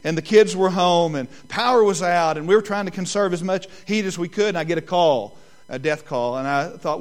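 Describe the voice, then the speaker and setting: Man, middle-aged, pastor, sermon, storytelling, fairly high voice. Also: brisk. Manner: storytelling preacher, animated quoted voices.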